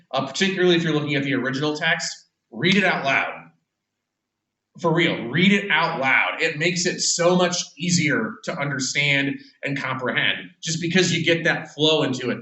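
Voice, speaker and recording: A man teaching a literature lesson in a relaxed, rambling way, full of "uh"s and restarts. His voice is bright and fairly high for a man. He sounds a little away from the mic, in a roomy, echoing space. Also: far from the mic. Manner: conversational, many fillers and restarts. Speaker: English teacher. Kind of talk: classroom lecture. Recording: echoey room, voice from off the mic.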